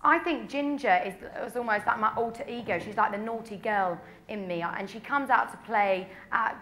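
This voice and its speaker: A young English woman fields reporters' questions, talking candidly with lots of "you know" and filler. Her voice is bright and sits a little high. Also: normal speed. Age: 20s. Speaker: pop singer at a press conference. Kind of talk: press conference answers.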